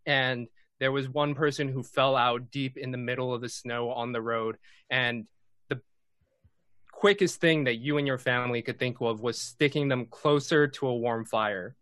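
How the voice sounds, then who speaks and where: A man narrating as game master, slow and measured, with frequent hums and ums. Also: medium pitch, steady tone, a bit bright, clear, resonant tone, dry recording.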